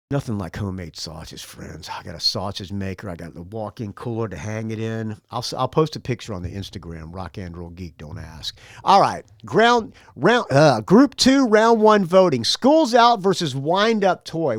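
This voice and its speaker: A man hosting a casual podcast, reading out donor names loudly and joking around between remarks. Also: on the low side, no echo, clean studio sound. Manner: swearing, joking banter. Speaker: podcast host. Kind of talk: casual chat. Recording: music playing behind. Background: rock music.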